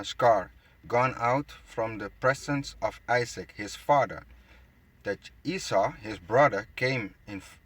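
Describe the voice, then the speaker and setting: Brief: male bible teacher, slow deliberate reading, dry close sound, trips over words, mocking asides. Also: medium pitch, fairly bright tone, no room sound. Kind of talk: scripture reading with commentary. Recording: close dry phone screen recording.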